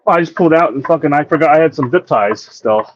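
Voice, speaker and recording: A man's voice: a little high, lively intonation, fast, muffled recording, a crowd in the background. A man who drives trucks, chatting in a laid-back way with casual swearing, heard over a phone or speaker line. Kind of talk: casual chat.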